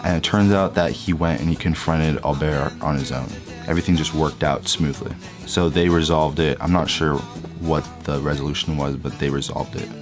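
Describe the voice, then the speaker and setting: A young man casually and candidly recounting a personal story as a vlogger, his voice trailing softer at the ends of sentences. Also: extremely low pitch, fairly even intonation, normal speed, music in the background. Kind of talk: reflective storytelling.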